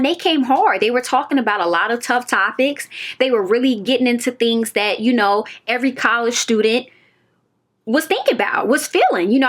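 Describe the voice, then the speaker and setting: A woman's voice: high voice, fairly bright tone. Emphatic young woman reviewing TV. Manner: emphatic, repeats phrases, talks straight to viewers. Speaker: TV review vlogger. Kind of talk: casual show review.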